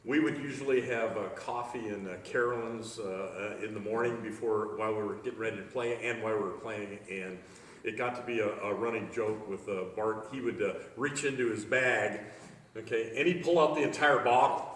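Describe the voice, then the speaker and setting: Man, memorial speaker, halting with fillers, heard echoey and from far off. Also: fairly low pitch, a bit bright. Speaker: eulogy speaker. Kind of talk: memorial remarks. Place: outdoor memorial service. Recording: echoey hall from far off, faint noise.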